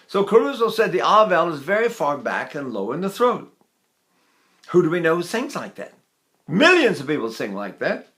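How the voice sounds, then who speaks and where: A man's voice: on the high side, sing-song, moderate pace, fairly bright tone. An older man giving a singing lesson, explaining technique in a folksy, demonstrative way and breaking into sung vowels to show his points. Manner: folksy, demonstrative, sings sample vowels and laughs between points. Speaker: voice teacher.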